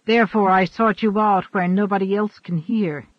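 A man reading the part of a stern old shaman in an audiobook, speaking gravely and in a measured way. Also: fairly even intonation, no echo, lightly acted. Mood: gentle. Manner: measured, grave, low-spoken. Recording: dull, dry recording.

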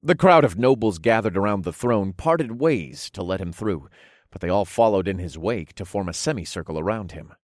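Lively, low-voiced male fantasy narrator. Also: moderate pace, no room sound, studio quality. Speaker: audiobook narrator. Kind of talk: first-person fantasy narration.

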